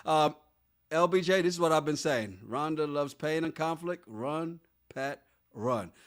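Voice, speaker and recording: A man's voice: on the high side, measured pace, a bit bright. A man co-hosting a podcast in casual chat, laughing often and reading out listener comments. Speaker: podcast co-host.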